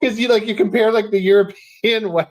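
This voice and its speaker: A man's voice: high-pitched, steady tone, brisk, a little hiss or hum. A man chatting as a podcast guest, rambling and laughing often as he acts out little quotes. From Canada. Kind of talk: casual chat.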